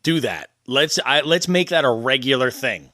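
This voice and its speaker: Easygoing bright-voiced male podcast host. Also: mid-range voice, animated, normal speed, no room sound, clean studio sound. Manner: easygoing, laughs often, trailing restarts. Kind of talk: casual chat.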